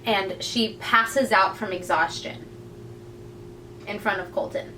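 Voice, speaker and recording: A woman's voice: mid-range voice, slow, far from the mic, a little hiss or hum, rough recording. A woman co-hosting a podcast, casually retelling a book's plot and acting out the characters' lines. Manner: animated storyteller, acts out characters' lines. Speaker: podcast co-host.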